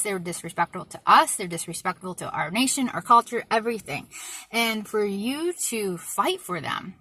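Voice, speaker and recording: A woman's voice: mid-range voice, fairly bright tone, dry recording. A woman from the United States ranting in an indignant, exasperated monologue to her viewers, often repeating herself for emphasis. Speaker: vlogger.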